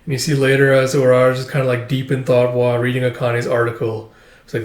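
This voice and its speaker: A man's voice: mid-range voice, monotone, fast. A man giving a loose, filler-heavy casual read-through of a comic chapter as its reviewer. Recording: roomy echo.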